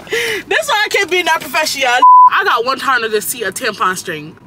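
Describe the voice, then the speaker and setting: A young woman in her late teens, vlogging while she drives, rambling and cursing through an animated story time. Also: sits high, a little fast. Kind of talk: casual story-time chat while driving. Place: inside a car on the road. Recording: car with loud road noise.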